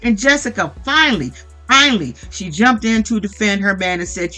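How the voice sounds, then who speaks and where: Blunt, bright-voiced woman ranting. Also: mid-range voice, animated, normal speed, soft background music. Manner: blunt, profane, opinionated. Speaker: vlogger recapping a reality show. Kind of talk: casual reality TV recap commentary.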